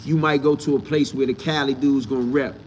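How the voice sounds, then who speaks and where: Blunt, profane man in fast bursts. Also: mid-range voice, fairly even intonation, slight background noise. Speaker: host answering live chat. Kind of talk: casual livestream talk.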